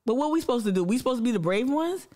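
A woman's voice: on the high side, lively intonation, rapid-fire, darkish tone. A woman hosting a livestream, giving a blunt, impassioned monologue full of profanity and repetition, speaking straight to her audience. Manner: addresses the audience directly and reads viewer comments aloud. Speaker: livestream host.

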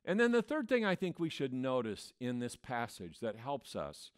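A man's voice: mid-range voice, wildly swooping pitch, moderate pace, clear, resonant tone. A man preaching a sermon as pastor, in a conversational way that acts out the voices he quotes. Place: church.

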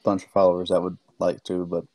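Deep-voiced, laid-back podcast guy. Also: completely flat delivery, quick pace, a loud crowd. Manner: laid-back, laughs along. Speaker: podcast co-host. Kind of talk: casual podcast chat.

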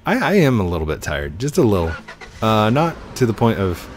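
A man's voice: on the low side, very animated, a little fast, faint music behind. A young man hosting a gaming channel, chatting casually and rambling to his viewers while he plays. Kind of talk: casual gameplay commentary.

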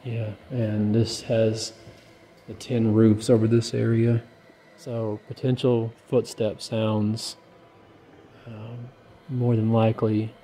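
A man hosting a ghost-hunting investigation, measured and explaining things logically, with some crude joking. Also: on the low side, mellow. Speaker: paranormal investigator host. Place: old hotel at night.

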